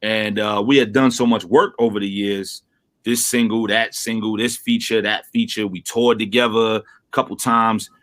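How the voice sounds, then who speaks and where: A man from Brooklyn, a rapper being interviewed over a remote call, telling stories in a casual, animated way and acting out quotes. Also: normal speed. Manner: animated storyteller, acts out quotes with big pitch jumps. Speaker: rapper guest.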